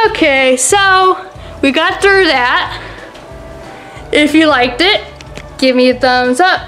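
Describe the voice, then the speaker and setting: A woman reading a short story aloud in a slow, sing-song storybook manner. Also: sits high, sharp tone, faint music behind, poor audio.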